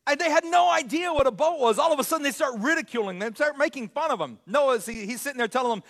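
Male pastor, very high voice, animated sermon delivery, frequent restarts. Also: quick pace, few pauses. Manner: animated, self-correcting preacher with frequent restarts.

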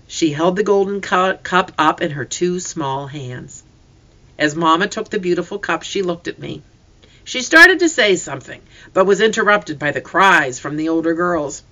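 An audiobook narrator reading a first-person story in an expressive, scripted way. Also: mid-range voice, normal speed.

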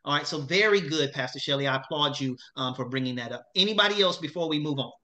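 A man's voice: a little high, lively intonation, fast talker, sharp tone. A man leading a chaplaincy class, heaping repeated praise on his students as he calls on them. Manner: lavish repeated praise, upbeat.

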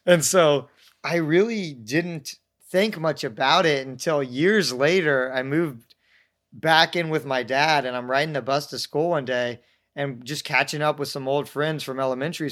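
Young guy rambling thru funny stories, voice a bit on the high side, does little voices for people. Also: normal speed, a bit bright. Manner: rambling, self-mocking, acts out quoted voices. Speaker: podcast guest telling stories. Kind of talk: casual storytelling chat.

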